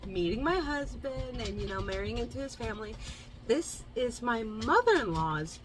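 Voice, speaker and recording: A woman's voice: a little high, poor audio. A young woman from Kansas with a Midwestern American accent, chatting casually as she hosts a book review. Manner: bubbly, chatty, lots of asides. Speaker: book reviewer, channel host.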